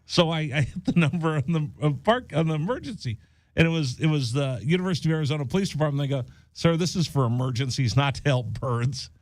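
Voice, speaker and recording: Talking at a quick pace in a voice on the high side, a radio host chats casually from his studio. He animatedly performs the voices of the people in his story. The sound is clean studio audio with no room sound.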